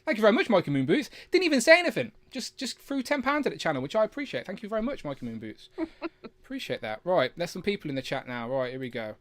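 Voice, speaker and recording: A man with a slight lisp, hosting a live chat with guests, chatty and quick to laugh. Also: high voice, big pitch swings, fairly bright tone. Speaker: livestream host.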